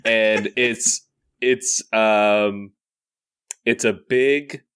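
Slow-talking man riffing with laughter. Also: lowish voice, clear, resonant tone. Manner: laughing often, animated riffing. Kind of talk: improvised comedy brainstorm.

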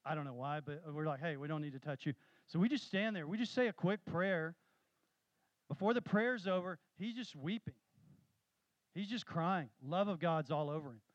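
A man preaching a sermon, telling stories with animated, rising emphasis. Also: on the high side, moderate pace, dry recording, muffled recording. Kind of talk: sermon with storytelling.

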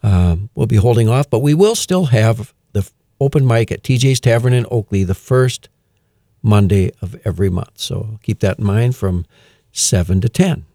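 A man hosting a radio music show, chatting casually with many fillers and reading news items aloud with quiet amusement. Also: lowish voice, normal speed, no echo, studio quality. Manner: relaxed and chatty, with frequent "uh" fillers and chuckles.

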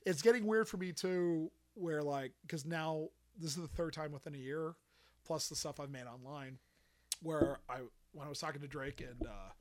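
A man's voice: a little high, normal speed. A man hosting a podcast, telling stories in casual chat and acting out the dialogue. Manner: animated storyteller who acts out quoted dialogue. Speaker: podcast host.

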